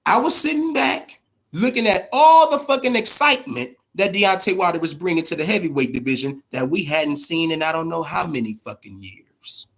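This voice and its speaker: A man's voice: fairly high pitch, animated, moderate pace, vocal fry, fairly bright tone. Profane, fired-up man podcasting about boxing. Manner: profane, emphatic, repeats words when fired up; addresses chat viewers directly. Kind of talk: casual live-stream commentary.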